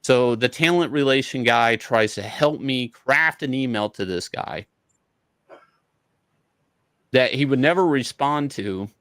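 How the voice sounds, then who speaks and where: A man's voice: mid-range voice, unhurried, pauses often, a bit bright, dry recording. Swearing man telling a story, dry sound. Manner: profane, retells events by acting out both sides of conversations. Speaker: comic book artist, interview guest. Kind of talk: casual storytelling interview.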